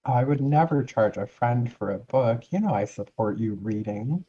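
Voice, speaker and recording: A man's voice: mid-range voice, lively intonation, mellow, breathy edge, highs cut off. A man voicing a gushing, sweet-talking female guild member in a tabletop game, fawning and chatty. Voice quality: fawning and chatty, drawn-out syrupy phrasing.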